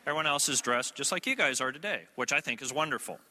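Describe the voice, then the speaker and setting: A man preaches to a church audience in a loose, storytelling way, turning often to his listeners with asides. His voice sits fairly high and sounds sharp and tense. The sound rings on in the long reverb of a large hall. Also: lively intonation, quick pace. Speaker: traveling preacher. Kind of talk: sermon.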